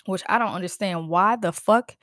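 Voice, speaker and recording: A woman's voice: mid-range voice, normal speed, no room sound, studio quality. Profane, fired-up woman podcast host. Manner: heated, profane, animated venting with laughs and sighs. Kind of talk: casual solo podcast rant.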